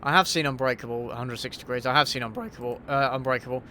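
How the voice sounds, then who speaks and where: Man, casual gaming stream q&a, offhand, swears, mutters to himself, mid-pitched, faint background hum. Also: fast talker, bright, forceful tone. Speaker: YouTube host. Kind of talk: casual livestream Q&A while gaming.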